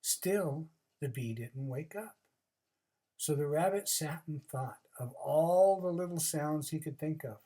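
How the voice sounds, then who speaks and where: A storyteller casually reading a children's book aloud, with chatty asides and expressive narration. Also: medium pitch, unhurried. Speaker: storybook reader.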